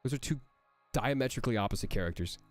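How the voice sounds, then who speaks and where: A man, a voice actor, answering chat questions on a casual livestream in an energetic, rambling way that jumps between jokes and praise. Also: mid-range voice, fast, faint music behind.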